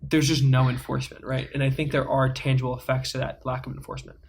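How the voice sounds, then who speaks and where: A man's voice: mid-range voice, flat delivery, fast, vocal fry, slight background noise. A teenage man co-hosting a podcast, telling a story in a rambling way with many fillers. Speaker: podcast co-host. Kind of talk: casual storytelling chat.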